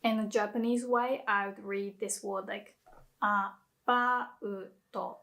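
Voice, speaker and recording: A woman teaching pronunciation, speaking slowly and carefully and demonstrating sounds for the listener to repeat. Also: mid-range voice, fairly even intonation, creaky. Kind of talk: pronunciation lesson.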